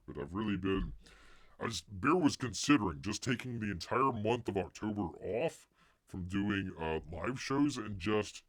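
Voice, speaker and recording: A man's voice: fairly low pitch, fairly bright tone, no room sound, studio quality. A man hosting a casual live stream, rambling and joking, muttering asides and calling himself Bear. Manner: rambling, jokey, calls himself Bear in the third person; mutters asides under his breath. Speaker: host of a comics news live stream.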